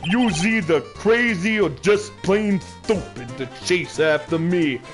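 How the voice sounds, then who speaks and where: A man voicing a bullying tough-guy mobster with a put-on Brooklyn accent, loud and blustering. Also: high voice, expressive, takes it slowly, soft background music. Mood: threatening.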